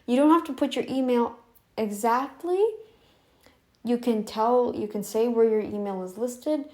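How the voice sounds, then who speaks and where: A woman's voice: a little high, measured pace, darkish tone. A woman talking off camera from her home, repeating her demands in a confrontational way with frequent restarts. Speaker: YouTube commentary channel host. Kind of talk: casual direct-to-camera monologue. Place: home room, not in frame.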